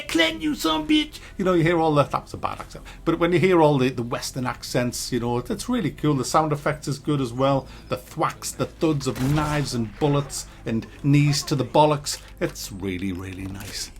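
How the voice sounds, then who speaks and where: A man talking through a game review in a casual, blunt way. He swears freely and rants at times, with a mid-pitched voice.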